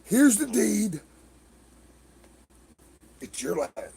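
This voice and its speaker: A middle-aged man spins long stories on his livestream, with a gravelly, creaky voice that sits fairly high. His pitch swings widely as he acts out what others said, cursing and laughing along the way. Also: unhurried, long pauses. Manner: animated, swearing, laughing storyteller who acts out others' lines. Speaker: livestream host. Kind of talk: casual storytelling chat.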